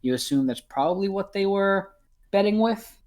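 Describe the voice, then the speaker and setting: A man's voice: high-pitched, expressive, moderate pace, a little mellow. A man narrating as game master in a casual way, with many ums and uhs.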